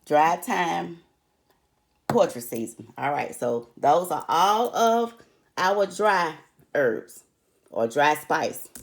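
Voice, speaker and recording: A woman's voice: low-pitched, expressive, slow, gravelly. An older woman teaching a recipe in a chatty way, often calling her viewers honey. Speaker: home cook. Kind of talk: cooking tutorial.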